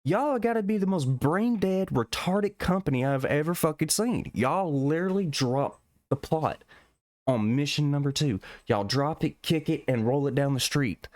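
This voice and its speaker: A man's voice: fairly high pitch, lively intonation, moderate pace, darkish tone, dry recording, studio quality. A man giving a profane, exasperated rant as a gaming commentator. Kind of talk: ranting video commentary.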